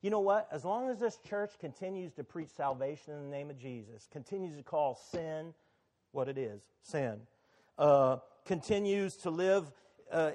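A man, the pastor of a church, preaching a sermon in a conversational, sometimes emphatic way. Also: a little high.

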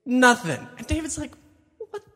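A young man preaches in a chatty, casual way, retelling a Bible story, using "like" a lot, and acting out the quotes. His voice is a little high and animated at a normal speed, with long hall reverb around it.

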